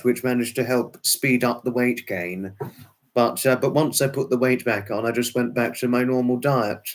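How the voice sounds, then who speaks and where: A man chatting live to viewers, answering comments in a rambling, fussy way with many restarts and exclamations. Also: medium pitch. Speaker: live streamer. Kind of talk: casual chat answering viewers.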